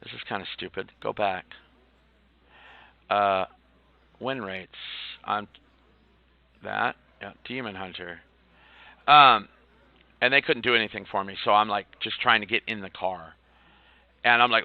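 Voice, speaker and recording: A man streaming, telling a story in a rambling, halting way with lots of swearing while he plays a game. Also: fairly low pitch, no room sound, narrow, tinny audio. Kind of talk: casual storytelling while gaming.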